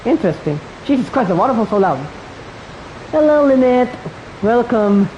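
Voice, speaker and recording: A woman's voice: a little high, lively intonation, normal speed, warm tone, lo-fi sound, a little hiss or hum. A woman streamer casually commenting on her gameplay, rambling with self-deprecating asides. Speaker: game streamer.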